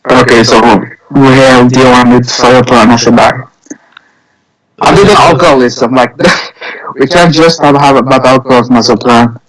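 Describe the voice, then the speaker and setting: A young man co-hosting a casual podcast, talking haltingly with lots of restarts and trying to steer the chat. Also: medium pitch, a bit bright, rough recording. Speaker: podcast co-host.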